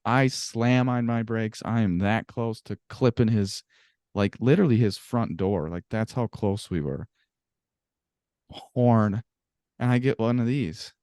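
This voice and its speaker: A man co-hosting a casual sports podcast, animated and swearing freely as he tells stories. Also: on the low side, no room sound, clean studio sound. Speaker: podcast co-host.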